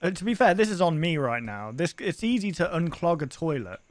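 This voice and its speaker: A man's voice: fairly high pitch, very animated, brisk, slight background noise. A young man streaming a horror game, reacting with crude exclamations and frequent swearing. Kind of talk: let's-play commentary.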